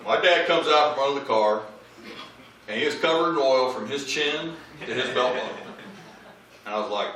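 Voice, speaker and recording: A man's voice: medium pitch, moderate pace, pauses often, a bit bright, heavy reverb, distant mic, slight background noise, poor audio. A man giving a humorous eulogy, telling family anecdotes and acting out the voices of the people in them. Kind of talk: storytelling eulogy at a memorial. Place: large memorial hall with audience. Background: audience laughter.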